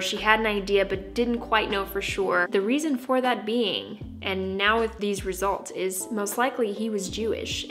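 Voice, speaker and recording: A young American woman vlogs to the camera in a bubbly, playfully dramatic way. Her voice is medium in pitch with a fairly bright tone.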